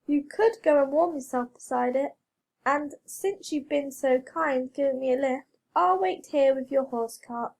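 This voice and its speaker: A woman's voice: high voice, unhurried, gravelly. A woman voicing a sly, cheeky male rabbit trickster in a storybook reading, eager and innocent-sounding. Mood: helpful.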